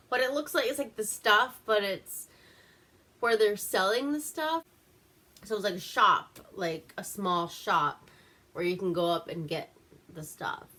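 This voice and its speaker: A woman's voice: medium pitch, sharp tone. A woman from Alaska casually recapping a movie at home, giggling, swearing and rambling with lots of fillers. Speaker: movie reviewer host.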